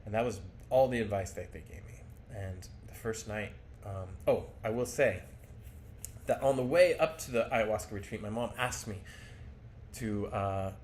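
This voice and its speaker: A man's voice: lowish voice, moderate pace, slight background noise. A man telling his own life story to camera in a candid, rambling, self-deprecating way.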